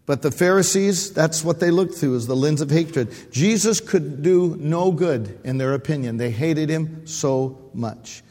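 Pastor preaching in an echoey hall. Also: male voice, on the high side, a little slow, few pauses. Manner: preaching with call-and-response amens, rising to shouts. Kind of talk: sermon.

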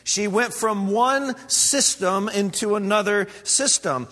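A man preaching a sermon as pastor, earnest and measured, building his points with repeated phrases. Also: high-pitched, pushed and bright, in a large hall.

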